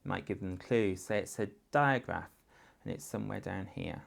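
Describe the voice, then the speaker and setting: A man's voice: low-pitched, normal speed, gravelly. A man with an English accent, a teacher patiently walking parents through a phonics writing exercise step by step. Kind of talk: instructional guidance for parents.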